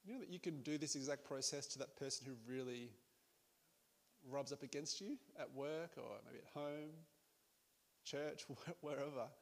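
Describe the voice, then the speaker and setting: A man's voice: a little high, vocal fry. A man preaching a sermon in a conversational way, with laughing asides and frequent restarts.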